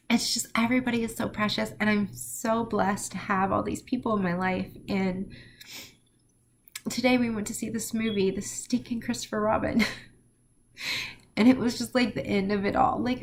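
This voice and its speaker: A woman's voice: fairly high pitch, a little hiss or hum. A middle-aged woman talking through a personal vlog in an emotional, heartfelt way, rambling with many fillers. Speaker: vlogger.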